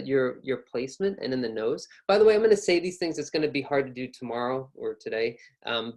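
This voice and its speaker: A young man with an American accent leads an online lesson on pronunciation. He talks in a relaxed, explanatory way and sounds out each example himself. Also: mid-range voice. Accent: General American. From North America. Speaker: pronunciation teacher.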